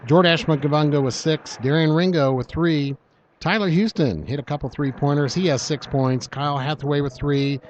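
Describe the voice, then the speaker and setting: A man calling a high school basketball game, rattling off stats and teasing his partner. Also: steady tone, muffled recording, slight background noise. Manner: teasing banter, brisk stat rundowns. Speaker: basketball play-by-play announcer. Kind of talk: live game commentary.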